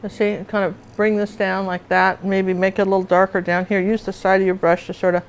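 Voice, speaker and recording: A woman's voice: medium pitch, flat delivery, brisk, slight background noise, rough recording. A middle-aged woman teaching acrylic painting in a live demonstration, chatty and often asking viewers if they see it.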